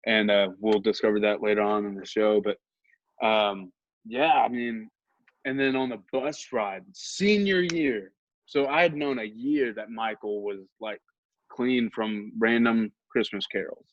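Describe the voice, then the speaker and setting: A man's voice: fairly low pitch, a little slow. A young man who hosts a podcast, casually telling a rambling, humorous anecdote at his own expense. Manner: rambling, humorous and self-mocking. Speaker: podcast host. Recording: dull lo-fi recording.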